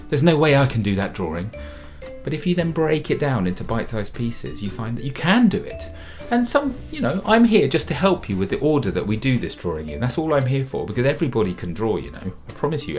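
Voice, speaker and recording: Man, middle-aged, children's illustrator, kids' drawing tutorial, chatty and upbeat, animated delivery. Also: lowish voice. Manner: chatty and upbeat, doubling words for emphasis. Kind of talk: friendly drawing tutorial for kids.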